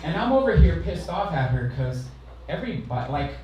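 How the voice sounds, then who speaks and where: A man's voice: a little high, big pitch swings, a little fast, heavy background noise. A man from California's San Fernando Valley doing a stand-up set on a comedy club stage, delivering brash, profane, self-deprecating punchlines. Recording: roomy live club sound from a distance.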